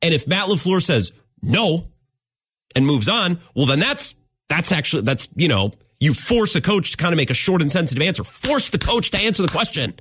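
A man's voice: fairly high pitch, big pitch swings, moderate pace, a bit bright, breathy edge. A man hosting a sports radio show, talking emphatically and repeating his points for effect. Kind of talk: opinionated sports talk radio.

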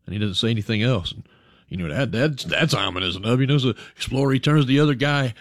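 A man's voice: mid-range voice, animated, fast, no room sound. Folksy male radio DJ, dry studio sound. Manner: folksy, chatty, addresses listeners as folks. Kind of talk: radio show patter with a joke.

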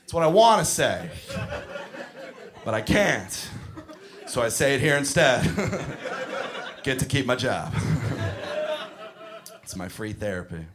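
Lively profane male stand-up comic. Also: medium pitch, measured pace, long pauses, a crowd in the background. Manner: profane, animated storytelling. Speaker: stand-up comedian and preschool teacher. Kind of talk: stand-up comedy set.

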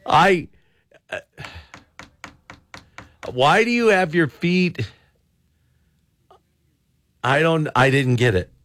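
A man's voice: on the high side, very animated, extremely slow, long pauses, fairly bright tone. A man hosting a call-in radio show, chatting casually with callers and laughing often between reads. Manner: laughing, exclaiming, upbeat.

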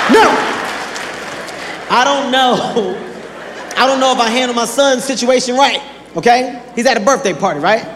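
Stand-up comic, man, high voice, animated, shouts at the peaks, long hall reverb, audible crowd noise. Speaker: stand-up comedian. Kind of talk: stand-up storytelling. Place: comedy stage before a live audience.

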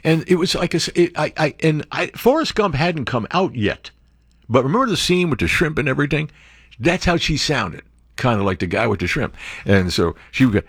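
An older man hosting a radio talk show, rambling and joking with asides and quick impressions. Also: fairly high pitch, big pitch swings, a bit bright, slightly rough, dry recording, studio quality. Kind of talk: casual talk radio banter. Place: radio studio.

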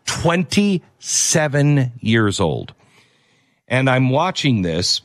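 A man's voice: mid-range voice, no room sound. A man hosting an opinionated commentary show, talking emphatically and repeating key phrases.

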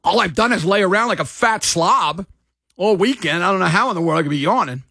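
Rambling gravelly sports radio host, a man. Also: high-pitched, animated, fairly quick, pushed and bright, dry recording, studio quality. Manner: rambling, loose, with fillers. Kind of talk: casual sports talk radio. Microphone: studio mic.

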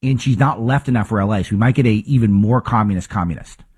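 A man with a lowish, husky voice runs a political talk show. He talks in an emphatic, opinionated way, piling up rhetorical questions and restarting sentences as he goes. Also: quick pace, darkish tone.

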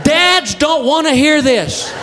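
A middle-aged man doing a stand-up comedy routine on stage, animated and shouting exasperated punchlines. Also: very high voice, slow pace, long reverb tail, noisy background. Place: comedy club stage with audience. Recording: live club recording with crowd laughter.

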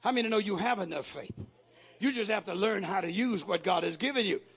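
A man preaching a sermon as pastor, calling out to the congregation and building from quiet teaching to shouted exhortation. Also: high voice, expressive, brisk, slightly rough. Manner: call-and-response preaching, rising to shouts.

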